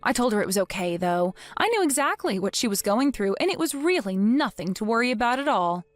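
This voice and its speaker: A woman's voice: fairly high pitch, big pitch swings, fairly quick, dry recording. A woman voicing a cold, vengeful young wife. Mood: scheming. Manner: cold, taunting, mock-innocent. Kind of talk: dramatized story narration.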